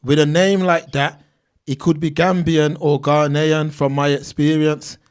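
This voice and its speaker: A man's voice: on the high side, flat delivery, unhurried, smooth. A man, hosting a casual livestream and reading viewers' names and comments aloud in street slang. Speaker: livestream host reading chat.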